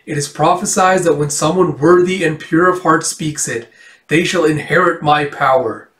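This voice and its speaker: A man's voice: a little high, moderate pace, a bit bright, close to an everyday voice. A man voicing an ancient wizard who speaks in a solemn, grand way. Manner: solemn, pronouncing. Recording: roomy echo, distant from the mic.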